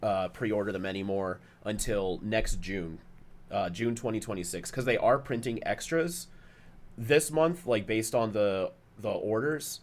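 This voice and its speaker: A man co-hosting a live stream in casual chat, relaxed and answering viewers' questions with plenty of fillers. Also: on the low side, unhurried.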